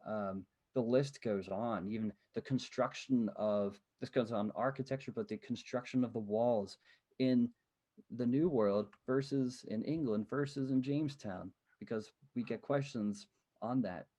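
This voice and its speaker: A man from Pennsylvania, a podcast guest, telling work stories in an animated, easygoing way. He speaks at an ordinary middle pitch, laughs now and then, and fills pauses with "um.". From Pennsylvania, USA. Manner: animated, laughs often, many fillers like "um". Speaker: podcast guest, living-history interpreter. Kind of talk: casual storytelling in an interview.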